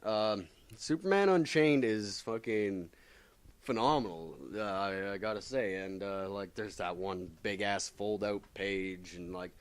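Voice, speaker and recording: Male comics vlogger, casual and profane, lower voice, close dry sound. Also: a little slow, smooth, no echo. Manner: profane, rambling, animated, many fillers. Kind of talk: casual comic book review chat.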